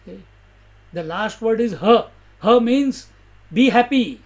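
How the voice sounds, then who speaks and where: Man, scripture discourse, high voice, slow delivery, rhetorical questions. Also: lively intonation. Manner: slow, unhurried teaching with rhetorical questions and soft laughs. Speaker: spiritual teacher.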